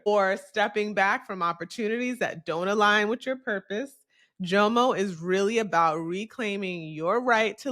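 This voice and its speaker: Candid woman podcasting solo. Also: medium pitch. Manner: candid and confessional, animated when quoting others. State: briefly emotional. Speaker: podcast host. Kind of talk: reflective solo podcast monologue.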